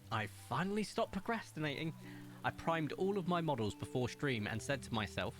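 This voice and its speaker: A man chatting casually to viewers while streaming, excitable and rambling, with sudden jumps up in pitch. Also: a little fast, faint music behind. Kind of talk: casual live-stream chat.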